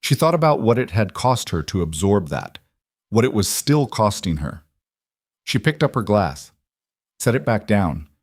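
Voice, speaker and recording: Male audiobook narrator, low and steady, dry studio sound. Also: a little slow, no echo.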